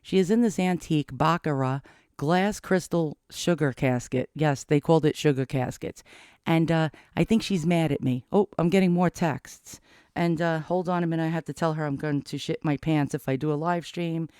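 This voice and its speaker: A middle-aged man rambling anxiously to camera in a casual confessional vlog, cursing often and cracking dark jokes. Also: on the high side, normal speed, clear, resonant tone, no echo, studio quality. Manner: rambling, profane, darkly joking. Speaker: vlogger.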